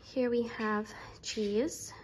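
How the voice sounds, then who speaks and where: Speaking very slowly in a steady, fairly high voice, a young pregnant woman vlogs her grocery haul from home. She's a bit breathless and uses lots of fillers, and the poor-quality recording has a little hiss or hum.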